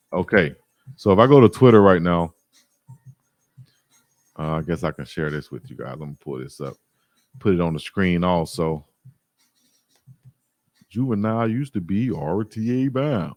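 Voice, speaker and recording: A man from Alabama, hosting a sports livestream, telling stories in a slangy, lively way and reading chat comments aloud. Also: low voice, moderate pace, pauses often, dry recording. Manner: slangy, animated storytelling, reads chat aloud. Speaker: sports YouTube host.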